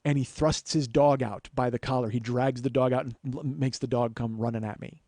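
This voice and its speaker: A man's voice: medium pitch, steady tone, a little fast, mellow, no room sound, clean studio sound. A male comedian and podcast host telling a profane, sardonic story as a ranting monologue.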